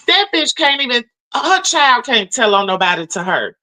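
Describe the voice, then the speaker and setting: A woman's voice: high-pitched, animated, moderate pace, sharp tone, rough recording. A woman hosting a livestream and telling her chat a story in a heated, profane rant, a little tipsy from drinking. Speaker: livestream host.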